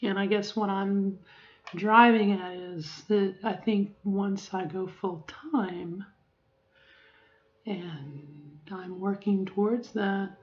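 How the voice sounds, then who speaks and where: A middle-aged woman speaks in a rambling, reflective way, circling back with fillers and restarts as she records a personal video diary. Her voice sits at a middling pitch. The audio is a little dull and lo-fi. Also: steady tone, slow pace. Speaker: vlogger.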